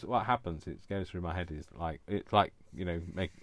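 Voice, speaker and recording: A man's voice: sits low, moderate pace, a bit bright, dry recording. A man hosting a casual crafting tutorial at home, rambling and self-mocking as he works. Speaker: crafting video host. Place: room at home.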